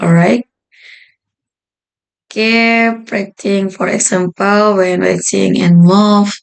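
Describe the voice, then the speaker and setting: Slow, gravelly woman presenting a grammar lesson. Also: lowish voice, rough recording. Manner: slow, halting delivery with frequent uh fillers. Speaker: student presenter.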